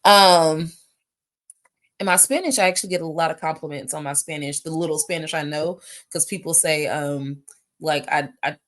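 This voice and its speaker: A woman's voice: deep voice, normal speed. A woman, chatting animatedly with viewers as she answers their questions in a live stream. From United States. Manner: animated, chatty, reads questions aloud, addresses viewers as y'all. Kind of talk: casual live Q&A chat. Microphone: phone or webcam for a live stream.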